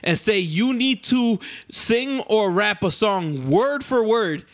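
A man's voice: high voice, expressive, slow. A young man hosting a casual chat among friends, loose and laughing, swearing often.

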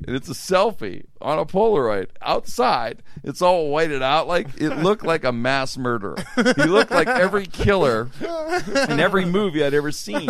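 A man tells a funny story on a talk show, acting out the other people in it and laughing between lines. His gravelly voice swings widely in pitch. The sound is close and dry, with no room echo. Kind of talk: casual storytelling chat.

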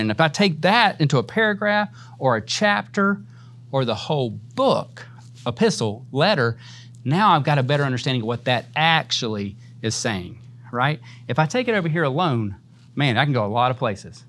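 A man's voice: a little high, fairly bright tone. A man teaching a church Bible class in a casual, conversational way, often adding "man" and "right?" and laughing easily.

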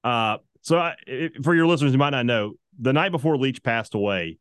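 A man's voice: medium pitch, expressive, fairly quick, a bit bright, clean tone, no room sound, clean studio sound. A man guesting on a sports podcast, telling stories in casual chat and laughing easily. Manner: chatty storyteller, laughs easily.

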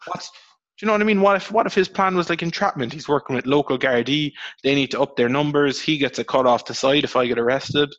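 A young Irish man hosting a podcast, telling rambling, swearing stories with sudden high jumps in his voice. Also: quick pace, dry recording, highs cut off. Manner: rambling, swears, animated storytelling with pitch jumps. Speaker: podcast host. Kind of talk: casual podcast chat.

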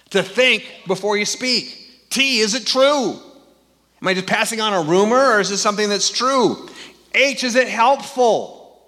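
A man's voice: sits high, bright, forceful tone, long reverb tail. A man preaching a sermon in a conversational, storytelling way, full of rhetorical questions. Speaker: pastor.

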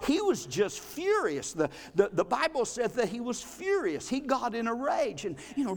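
A male pastor, preaching a folksy, animated sermon in a church, with frequent restarts. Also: very high-pitched, moderate pace, hardly any pauses. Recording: long reverb of a hall.

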